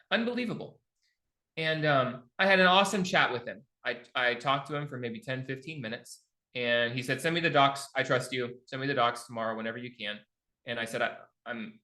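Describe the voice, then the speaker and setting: Over a video call, a middle-aged man coaches a live online class on real estate investing, telling stories and acting out both sides of his phone calls. His mid-range voice sounds pushed and bright.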